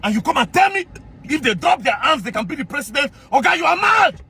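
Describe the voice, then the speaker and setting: A man with a Nigerian accent, ranting in mocking commentary and often shouting. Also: very high-pitched, big pitch swings, quick pace, slightly rough.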